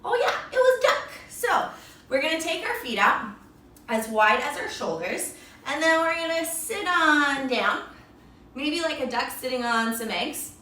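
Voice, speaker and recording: A woman leads a children's yoga class in a playful, sing-song voice that is high and bright. She sounds full of encouragement. She is heard from some way off in a very echoey room. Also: very animated, unhurried, distant mic. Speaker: kids yoga teacher.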